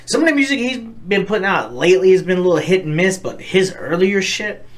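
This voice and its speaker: A man's voice: high-pitched, expressive, fairly quick. A young man co-hosting a podcast, talking in a rambling, profane, earnest way in casual chat. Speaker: podcast co-host.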